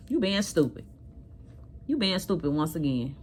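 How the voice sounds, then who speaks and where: Mother on camera, low-pitched, scolding and emphatic, talks straight to viewers. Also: moderate pace, a little hiss or hum. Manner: animated, emphatic, addresses viewers directly; blunt and scolding. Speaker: vlogger telling a personal story. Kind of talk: casual storytelling to viewers.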